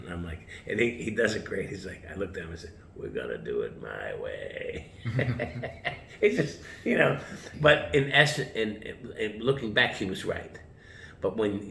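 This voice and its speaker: Middle-aged american chef guy, real low voice, rambling stories w/ swearing, roomy echo. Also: a bit bright. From United States. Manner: rambling anecdotes, swears, acts out quotes. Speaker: chef, interview guest. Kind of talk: casual storytelling interview. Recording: roomy with faint background noise.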